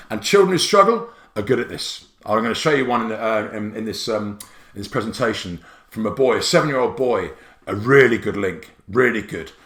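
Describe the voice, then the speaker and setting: Excitable man in an echoey room. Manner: excitable, jokey, swoops up high on exclamations. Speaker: app creator presenting a tutorial. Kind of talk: enthusiastic explanatory walkthrough.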